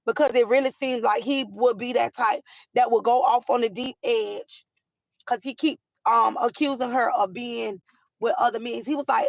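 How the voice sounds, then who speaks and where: A woman hosting a casual live chat with viewers, animated and repetitive, with many fillers. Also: fairly high pitch, normal speed, vocal fry, no room sound, dull audio. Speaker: live stream host.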